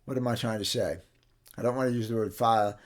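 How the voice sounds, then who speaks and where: A man's voice: medium pitch, steady tone, fast talker, background noise. A man in a guitar workshop giving a casual, folksy how-to demonstration, chatting along and correcting himself as he goes. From New Mexico, US. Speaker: guitar repair teacher.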